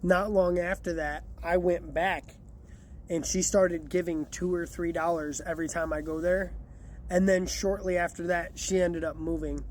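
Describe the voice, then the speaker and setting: Chatty storytelling man, slightly high voice. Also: fairly even intonation, moderate pace, a little mellow, a little hiss or hum. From Chicago area. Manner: chatty, acts out quotes. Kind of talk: casual storytelling.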